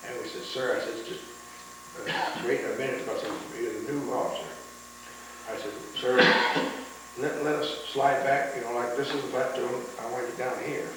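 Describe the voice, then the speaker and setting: A man's voice: mid-range voice, steady tone, normal speed, heavy reverb. Older male veteran storyteller, rambling delivery; distant mic, faint hiss. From United States. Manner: rambling storytelling with many restarts, chuckling at the memories. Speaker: war veteran interviewee. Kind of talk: oral history interview.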